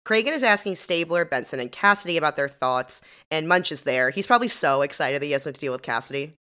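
A woman's voice: low-pitched, lively intonation, fast talker, pushed and bright. A woman co-hosting a podcast, recapping an episode in casual chat, sarcastic and swearing freely. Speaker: podcast co-host.

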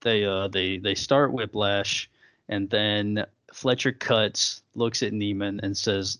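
Man, podcast co-host, low voice, casual film recap, dry close sound. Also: steady tone, slow pace, a bit bright, no room sound. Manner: retells scenes with quoted lines, many fillers.

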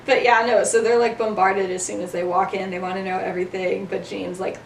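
A woman's voice: mid-range voice, level tone, brisk, gravelly, recorded from a distance, slight background noise. A young woman hosting a casual podcast, animatedly retelling a story and acting out the characters' lines, laughing often. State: has the hiccups. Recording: echoey room, voice a bit off-mic.

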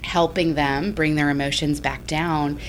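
A woman host who works with mothers, giving calm parenting advice in a casual conversation. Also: deep voice, measured pace, slight background noise.

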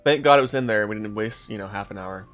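Over faint music, a young man hosting a podcast talks fast in a fairly low, fairly bright voice. He casually relates a long story to his co-hosts, cursing freely and chuckling along with it in an easygoing way.

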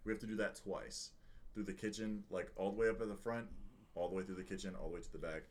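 A man's voice: low-pitched, fairly even intonation, fast talker. A young man co-hosting a podcast, telling a long work story in casual chat and swearing freely. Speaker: podcast co-host.

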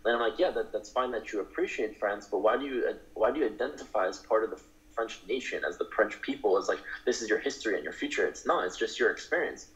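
A man's voice: lowish voice, quick pace, a bit bright, lo-fi sound. A young man speaking in a casual, earnest, argumentative monologue, with frequent fillers and restarts. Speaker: speaker on culture.

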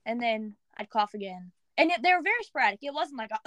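A young woman co-hosting a podcast, telling a story in animated casual chat full of "like" fillers. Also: high voice, a little fast, vocal fry, no echo. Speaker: podcast co-host.

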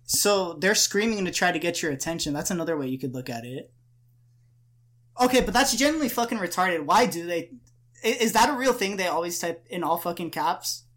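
A man's voice: high-pitched, animated, a little fast, a bit bright. A man hosting a casual podcast, talking in an offhand, hesitant way with crude jokes. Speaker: podcast host.

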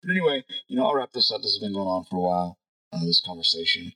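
A man's voice: low-pitched, animated, rapid-fire, bright, forceful tone, poor audio. A man talking casually through his views in a rambling monologue, thinking aloud and checking in with "right?" as he goes. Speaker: podcast host.

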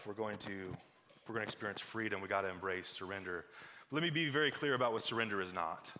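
A man from Missouri preaching a sermon, telling a lively story and then dropping to a soft, hushed appeal. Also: fairly low pitch, quick pace, in a large hall, a little hiss or hum. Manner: animated storytelling, drops to a soft hush for appeals. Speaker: pastor.

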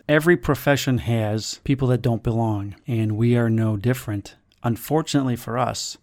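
A man's voice: medium pitch, a little mellow. Male host, police trainer, earnest conversational delivery. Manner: earnest, storytelling. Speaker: podcast host, police field training officer. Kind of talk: casual podcast talk.

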